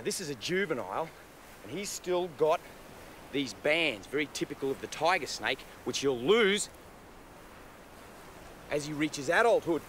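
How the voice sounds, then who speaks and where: An Australian male wildlife presenter with a higher voice speaks outdoors in the bush, very animated and excitable with quick exclamations. The field recording is noisy.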